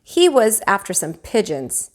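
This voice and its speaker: Animated woman reading aloud to kids. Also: medium pitch, unhurried. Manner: expressive, animated storytelling. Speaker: teacher. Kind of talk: children's book read-aloud.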